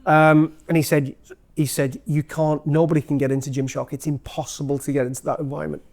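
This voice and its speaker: A man's voice: fairly high pitch, little pitch movement, brisk, vocal fry, a little mellow. A man with a Geordie accent, a former company chief, giving a chatty, self-deprecating talk full of stories to a room of people. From North East England. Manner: chatty, self-deprecating storyteller with many fillers. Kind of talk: live anecdotal talk to an audience. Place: event room with an audience.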